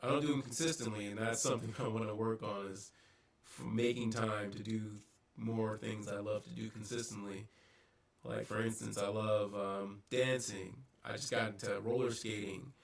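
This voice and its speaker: A man vlogging a casual, reflective monologue, pausing often with ums and restarts, recorded on a distant mic with poor audio. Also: fairly low pitch, fairly even intonation. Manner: halting, many ums and restarts.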